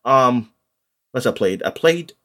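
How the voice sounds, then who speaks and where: A man's voice: mid-range voice, lively intonation, measured pace, a bit bright. Rambling man chatting casually. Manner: rambling, with many ums and restarts. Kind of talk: casual chat about video games.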